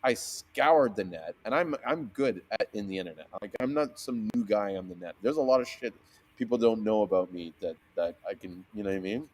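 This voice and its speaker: A man telling a story in casual conversation, swearing freely, restarting his sentences and acting out the voices of the people in it with big jumps in pitch. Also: fairly quick, a little mellow. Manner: fillers and frequent restarts. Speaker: seamoss seller, guest. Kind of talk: animated storytelling in a casual interview.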